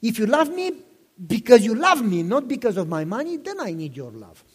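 High, animated preacher man in a hall. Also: moderate pace, breathy edge. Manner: impassioned storytelling, repeats himself, asks listeners questions. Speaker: pastor. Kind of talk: sermon. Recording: long reverb in a hall.

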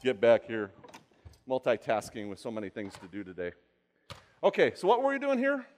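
A man's voice: medium pitch, wildly swooping pitch, moderate pace, darkish tone. A man giving a live cooking demonstration, chatty and rambling, often asking the audience questions. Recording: long hall reverb.

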